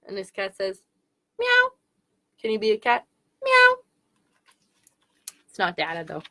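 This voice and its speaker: A woman's voice: medium pitch, fast. A woman as a children's librarian, reading picture books aloud in a playful way, making animal sounds.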